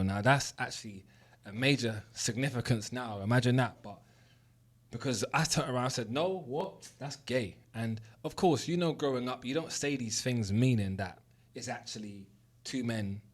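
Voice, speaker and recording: A young host from South West London, with a London accent, tells his listeners a personal story in a motivational monologue. His pitch is an ordinary middle range, and he's candid and earnest, swearing freely to hammer his point home.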